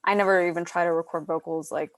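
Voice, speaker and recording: Young female student on a video call, hesitant, lots of fillers, lowish voice, dry close sound. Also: steady tone, fast, no room sound. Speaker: workshop participant. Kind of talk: casual question over video call.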